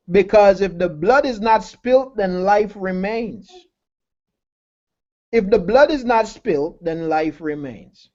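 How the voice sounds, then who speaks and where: A man's voice: sits high, a little mellow, lo-fi sound. A man preaching a sermon who repeats key phrases, asks his listeners rhetorical questions and calls them family.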